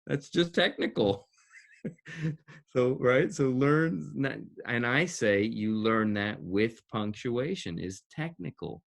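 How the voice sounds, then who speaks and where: A man's voice: mid-range voice, animated, slow, creaky. A man who coaches actors and directs, explaining his teaching in an interview with emphasis, repeating key words and laughing between points.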